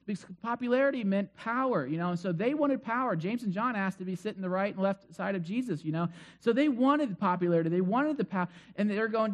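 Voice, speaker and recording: A man's voice: high voice, lively intonation, fast. A male pastor giving a sermon in a chatty storytelling way, full of asides. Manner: conversational storytelling with many asides.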